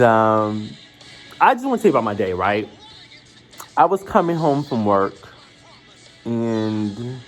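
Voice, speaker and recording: Young guy rambling in a late night confession vlog at home, mid pitched voice, soft music behind. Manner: rambling, emotional, heavy on filler words. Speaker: vlogger.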